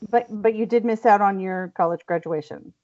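A woman's voice: mid-range voice, moderate pace, darkish tone. Woman hosting a podcast over a call, giggles a lot, kinda dull lo-fi sound. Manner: laughs often, many fillers. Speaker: podcast host. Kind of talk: casual chat. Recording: dull lo-fi audio.

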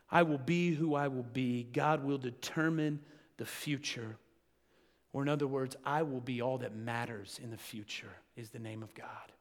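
A male pastor preaching a sermon to his congregation, building to loud, emphatic passages. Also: a little high, in a large hall.

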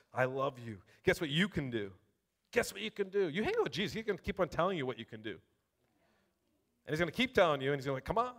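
A male preacher with a high voice who preaches in a loose, chatty way, calling out to the congregation. He breaks off to read scripture aloud, building up emphasis as he reads. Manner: animated, conversational, addresses congregation directly. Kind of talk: sermon.

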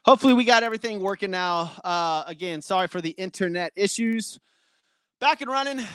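A heavy-breathing sports podcast host runs casually through game matchups and his betting picks, apologizing for technical glitches along the way. His voice is high-pitched and fairly bright, recorded without echo.

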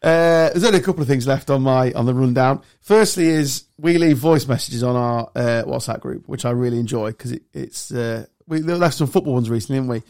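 A man's voice: mid-range voice, fairly quick, few pauses. A man hosting a podcast, ranting and joking casually with friends. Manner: animated ranting, swearing and laughing. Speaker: podcast host.

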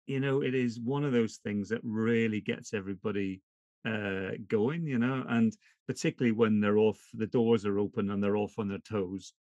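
A man's voice: fairly low pitch, fairly even intonation, moderate pace, darkish tone, no room sound, dull audio. Man, chatty host, dry recording. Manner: chatty, uses lots of fillers. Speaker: podcast host, former police officer. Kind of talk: casual conversation.

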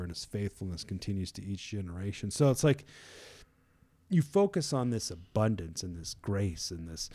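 A man's voice: fairly low pitch, mellow. Rambling man sharing a casual devotional. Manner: rambling, conversational, many fillers and restarts; chuckles often. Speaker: devotional speaker.

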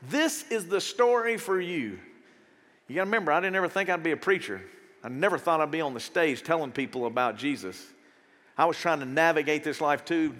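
Animated high-voiced preacher in a hall. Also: male voice. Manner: animated, conversational preaching with quick rhetorical questions. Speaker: pastor. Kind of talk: sermon. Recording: reverberant hall sound.

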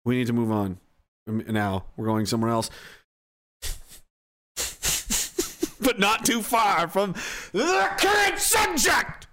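A fairly high-voiced man with a lively, swooping delivery that keeps jumping up into shouts. He hosts a live stream and rants through crude, mocking commentary, laughing as he goes. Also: slow pace, long pauses. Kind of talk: profane comedic commentary.

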